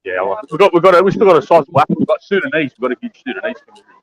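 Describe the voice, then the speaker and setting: An Australian man in casual conversation, talking quickly and calling everyone lad or bro. His manner is laid-back. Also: fairly high pitch, big pitch swings, crowd noise, low-quality recording. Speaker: guest caller. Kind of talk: casual chat.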